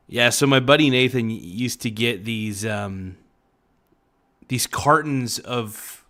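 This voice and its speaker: A relaxed man rambling casually to his livestream viewers, dropping "man" and "dude" as he goes. His voice sits at an ordinary middle pitch and sounds a little sore and worn. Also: slow. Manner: laid-back, chatty, talks to viewers in chat, frequent "man" and "dude". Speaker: livestream host.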